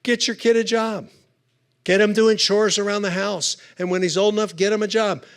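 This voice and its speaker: High, gravelly man telling funny stories. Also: steady tone, normal speed. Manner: chatty, conversational, punchy asides. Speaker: conference speaker. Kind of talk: humorous storytelling talk. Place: conference hall.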